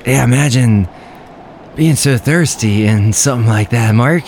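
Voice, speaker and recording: A man's voice: medium pitch, unhurried, darkish tone, slight background noise. A man improvising a game role-play in a thick put-on frontier drawl, joking around. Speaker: player roleplaying a character.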